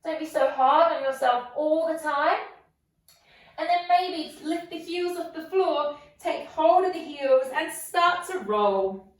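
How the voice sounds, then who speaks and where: A yoga instructor leads a guided class in a high, slow voice, playful and encouraging as she asks coaxing questions. The room is very echoey and she sounds far from the microphone.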